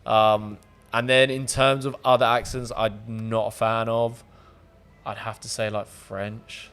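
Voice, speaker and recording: A man's voice: lowish voice, flat delivery, measured pace, fairly bright tone, clear, resonant tone. A man hosting a casual sit-down chat, frank and jokey, swearing freely. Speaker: podcast host.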